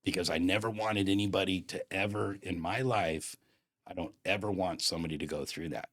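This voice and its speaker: A man's voice: sits low, steady tone, fairly quick, fairly bright tone. A man in his fifties telling a personal story in a casual, slangy, emphatic way, acting out the dialogue. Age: 50s.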